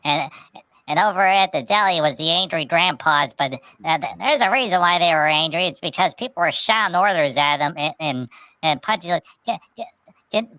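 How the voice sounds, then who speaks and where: A woman's voice: sits low, animated, fairly quick, sharp tone, dry recording. A woman telling a rambling anecdote in casual podcast chat, often restarting with repeated words. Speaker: storyteller on a podcast.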